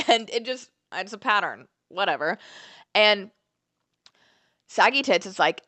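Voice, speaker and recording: A young woman vlogger telling a story in an animated, profane, candid way. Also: medium pitch, moderate pace. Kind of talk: storytime vlog.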